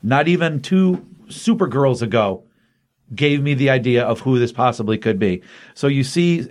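A middle-aged man hosting a casual chat, excitedly retelling a comic book story in a rambling way with many fillers. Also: medium pitch.

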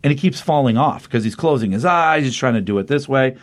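A man's voice: medium pitch, animated, brisk. Chatty man recapping a comic. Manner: rambling, retells scenes with quoted voices. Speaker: podcast co-host. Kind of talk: casual chat recapping comics.

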